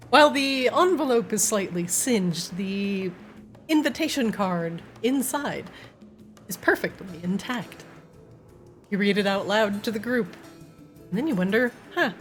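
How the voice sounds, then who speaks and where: A woman narrates a tabletop game as its game master, her pitch swinging widely. She talks casually and laughs often between descriptions. Soft music plays underneath. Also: expressive. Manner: laughing, casual, quick asides.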